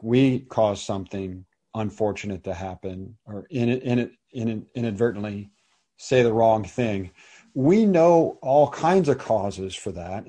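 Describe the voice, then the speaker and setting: A man's voice: medium pitch, warm tone. A middle-aged man hosting a conversation, thoughtfully explaining a psychology idea in casual talk with restarts. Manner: thoughtful, explanatory, with frequent restarts and small laughs.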